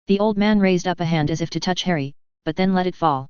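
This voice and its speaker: A steady audiobook narrator with a very clear voice and an even, measured delivery. The recording is dry and slightly dull. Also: medium pitch, no echo. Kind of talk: audiobook narration of fan fiction.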